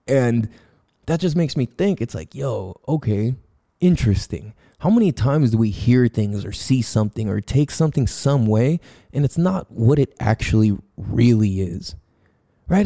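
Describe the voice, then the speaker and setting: A man's voice: mid-range voice, dark tone. A man hosting a podcast in a casual monologue, talking loosely and profanely, with many fillers and restarts, acting out sounds and his own quoted thoughts as he tells a story. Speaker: podcast host.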